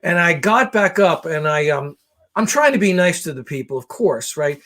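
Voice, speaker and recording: A man spinning a comic rant in a slightly high voice. He sounds exasperated and swears freely, with lively, animated delivery. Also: normal speed. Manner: animated, profane, exasperated ranting with voiced impressions. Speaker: podcast co-host. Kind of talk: comedic storytelling rant.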